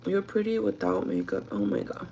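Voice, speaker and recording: Young woman chatting on a phone stream while sick, super gravelly hoarse voice, slips into spanish. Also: big pitch swings, normal speed, warm tone, slight background noise, rough recording. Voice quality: hoarse, deep for her. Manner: switches between English and Spanish. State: sick, losing her voice. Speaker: vlogger talking to live chat. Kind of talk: casual live-stream chat.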